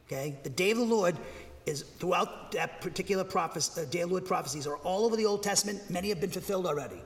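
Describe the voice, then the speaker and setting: A man's voice: sits high, fast, in a large hall. A man preaching verse by verse, reading scripture aloud and then explaining it, with fillers and restarts. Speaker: pastor. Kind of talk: verse-by-verse Bible teaching.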